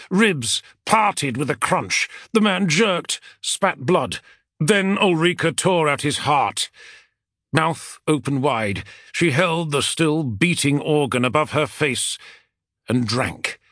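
A man reading a fantasy novel aloud as an audiobook narrator, with a dramatic, expressive delivery. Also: on the high side, no echo, clean studio sound.

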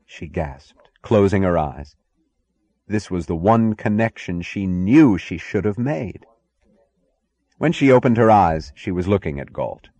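Reading a scripted audiobook, a man narrates in a measured, expressive way, his voice deep and low. The sound is close and dry, without any room tone.

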